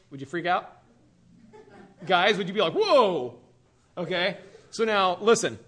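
Slangy, laid-back male preacher. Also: on the high side. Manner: laid-back, slangy and animated, acting out characters. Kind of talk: casual sermon.

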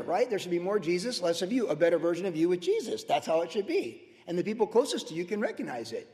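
A pastor in his sixties giving a sermon in a conversational, storytelling way with animated asides. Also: high voice, big-room sound. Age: 60s.

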